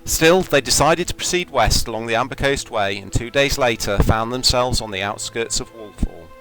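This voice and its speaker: A man at mid pitch runs a tabletop game from home. He tells the story in a steady, measured way and moves easily into rules talk. Faint music sits behind him. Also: poor audio. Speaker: game master.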